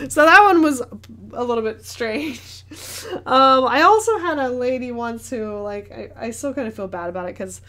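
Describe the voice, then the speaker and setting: A woman's voice: a little high, a bit bright. A young woman artist chatting casually while she paints and answers viewer questions, rambling with many fillers and easy laughs. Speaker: artist hosting a paint-along.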